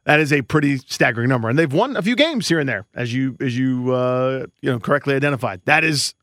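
Here a male baseball podcast co-host talks quickly, his medium-pitched voice expressive and a bit bright. The sound is clean studio audio without echo, and his casual sports analysis is thoughtful and meandering, full of restarts.

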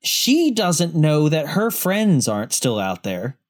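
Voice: mid-range voice, big pitch swings, slow. A podcast co-host in casual movie discussion, wry and laughing often, acting out quotes.

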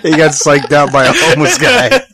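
A man's voice: a little high, sing-song, fairly quick, heavy background noise. A man hosting a radio show, laughing through crude, casual banter with a guest.

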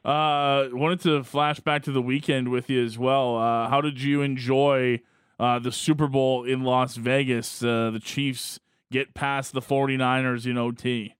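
Chill co-host dude, smooth clear voice, dry studio sound. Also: male voice, medium pitch, little pitch movement, a little slow, no room sound. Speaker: sports radio co-host. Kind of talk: casual sports radio chat.

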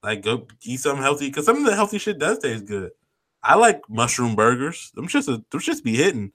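A man's voice: mid-range voice, sing-song, brisk, a bit bright. A man in casual, profane chat, laid-back and heavy on slang, talking as a podcast co-host.

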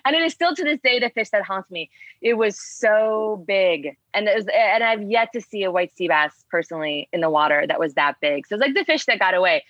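A woman guest in a casual chat, telling rambling, animated stories packed with fillers. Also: mid-range voice, fairly quick, dry recording, lo-fi sound. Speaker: spearfishing guest.

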